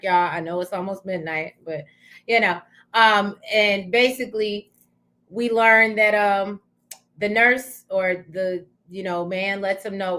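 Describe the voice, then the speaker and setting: A chatty woman, co-hosting a casual TV recap. She thinks aloud with frequent "um"s. She talks over a video call at a middle pitch. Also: pushed and bright. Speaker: co-host of a TV recap show.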